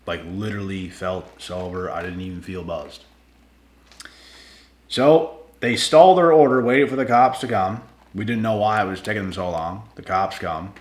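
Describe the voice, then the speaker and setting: A man telling a personal story to his viewers in a casual, animated way, slangy and swearing freely. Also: low-pitched, moderate pace, roomy sound.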